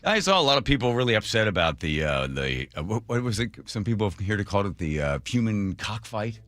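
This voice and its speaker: A man hosting a talk radio show in a studio, chatting casually and telling stories, acting out quotes in a high voice and laughing often. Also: fairly quick, no echo. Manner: animated storyteller, acts out quotes in a high voice, laughs a lot. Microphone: studio microphone.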